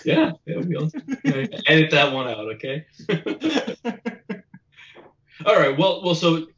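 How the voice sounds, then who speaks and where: A man hosting a casual podcast chat, telling a story with laughs and shouted impressions. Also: a little high, a little slow, muffled recording, a little hiss or hum. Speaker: podcast host.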